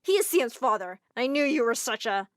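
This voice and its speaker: An angry, controlling groom, voiced by a woman in an animated drama. He speaks forcefully, in an accusing tone. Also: fairly high pitch, normal speed, no echo, clean studio sound. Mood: furious.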